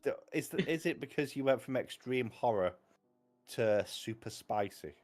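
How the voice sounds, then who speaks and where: With faint music in the background, a man chats casually as a booktube host, wandering between thoughts, interrupting himself and keeping a wry tone. His medium-pitched voice is expressive and a little mellow, at a normal speed.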